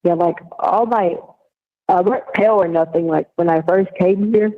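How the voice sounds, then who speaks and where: A woman's voice: lowish voice, moderate pace. A woman in a laid-back, teasing phone chat about her day. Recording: tinny prison phone line.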